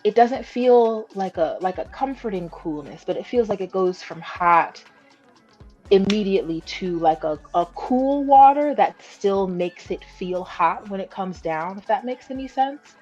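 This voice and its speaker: A woman running a tabletop role-play game as game master, narrating slowly with many pauses and fillers. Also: mid-range voice, animated, a little mellow. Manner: slow, musing narration full of fillers. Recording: dull lo-fi stream audio with faint music.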